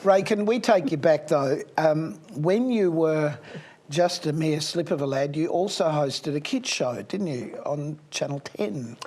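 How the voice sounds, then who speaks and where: Older aussie guy hosting, chatty, reminisces, kinda higher voice. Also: a little slow. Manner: warmly reminiscing, rambling questions. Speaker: host. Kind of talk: casual interview.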